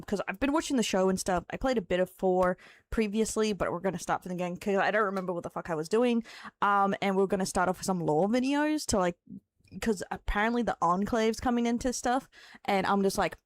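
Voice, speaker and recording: A woman's voice: mid-range voice, brisk. A tired young Australian woman streamer chatting casually with viewers, giggling, rambling and swearing as she goes. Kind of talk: casual live-stream chat.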